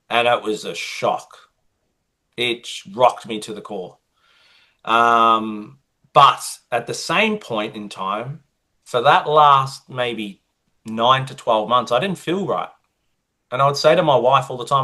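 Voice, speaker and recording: Man, Australian accent, interview guest, storytelling, animated, acts out dialogue, bright forceful voice. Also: mid-range voice, measured pace.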